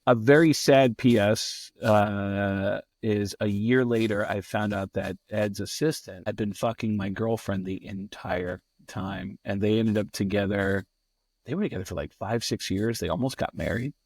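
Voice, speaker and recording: A middle-aged man, a comedian guest on a podcast, telling a long casual anecdote in a profane, animated way and acting out what other people said. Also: fairly low pitch, measured pace, no room sound, clean studio sound.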